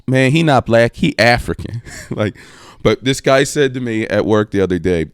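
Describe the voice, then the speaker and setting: A man co-hosting a comedy podcast, trading fast jokes and laughing often. His voice is smooth and clear, and it sits close and dry on the mic. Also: mid-range voice, no room sound. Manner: jokey, quick riffing, laughs often. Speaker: podcast co-host. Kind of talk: casual comedy podcast banter.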